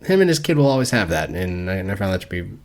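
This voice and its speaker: Deep-voiced man in casual podcast chat. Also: very animated, rapid-fire. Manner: rambling, swears freely, laughs often. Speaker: podcast co-host. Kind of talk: casual book-club chat.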